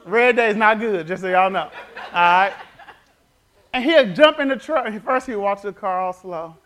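A man's voice: high voice, moderate pace, a bit bright. A man preaching a fervent sermon, telling stories and leading call-and-response with the congregation.

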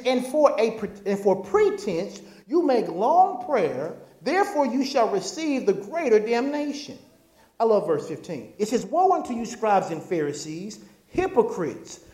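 A pastor preaching a sermon in a church, animated and folksy, calling out to the congregation. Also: medium pitch. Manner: animated, call-and-response preaching; folksy, conversational asides. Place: church sanctuary. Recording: echoey church room.

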